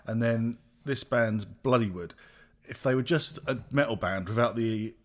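A man's voice: mid-range voice, moderate pace. A man co-hosting a casual podcast chat, easygoing and enthusiastic. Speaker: podcast co-host.

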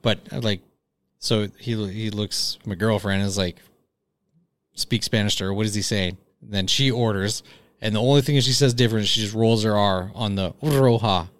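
A man's voice: lowish voice, steady tone, moderate pace. A man in casual chat, joking around crudely and swearing freely.

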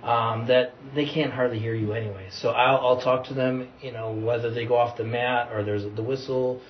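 A man, a wrestling coach speaking calmly and in a measured way as a podcast guest. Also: mid-range voice. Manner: calm, measured, relaxed. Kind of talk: casual podcast conversation. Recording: distant, dull, faint noise.

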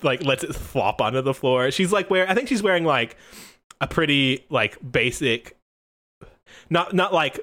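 A man's voice: medium pitch, expressive, a little slow, fairly bright tone. A man narrating a tabletop game as game master on a headset mic, laughing often and rambling with fillers.

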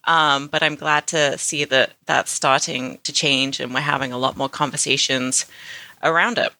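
Bright-voiced British woman. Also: rumbling low, steady tone, moderate pace, no echo. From United Kingdom. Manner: laughs easily, chatty with filler words. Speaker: podcast co-host. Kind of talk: casual chat.

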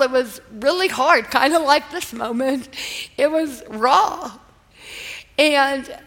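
A woman with a bright, high voice tells a personal faith story to a live audience. She speaks earnestly and with feeling, in a loose conversational manner. Her voice rings out with a long hall reverb from the venue. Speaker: guest speaker.

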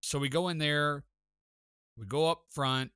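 A man hosting a sports talk show, telling stories in an excited, chatty way. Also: fairly high pitch, a little slow, clear, resonant tone, no room sound, studio quality. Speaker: sports podcast host. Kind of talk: casual sports talk storytelling.

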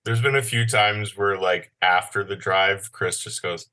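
A man with a very low but bright, forceful voice rambles through a story. He hesitates often and leans on fillers. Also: fairly even intonation, measured pace, few pauses. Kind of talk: casual chat.

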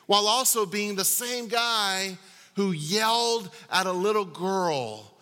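Forceful preacher in a reverberant hall. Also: male voice, high voice, lively intonation, takes it slowly. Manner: emphatic, with rhetorical questions and swings from loud to hushed. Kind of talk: sermon. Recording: long reverb of a large hall.

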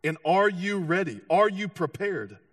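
A man preaching a sermon with animated storytelling, acting out voices and often restarting his sentences. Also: high-pitched, a little slow, no room sound, clean studio sound, recorded from a distance. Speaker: pastor.

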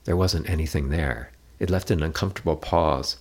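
A man reading a novel aloud in a steady, measured narration. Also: extremely low pitch. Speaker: audiobook narrator. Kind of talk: scripted narration.

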